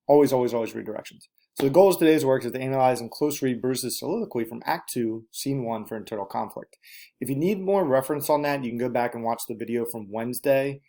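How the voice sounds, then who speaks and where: A male teacher talks his students through a recorded lesson. He speaks at a middle pitch, plainly and directly, and repeats key instructions for emphasis. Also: mellow.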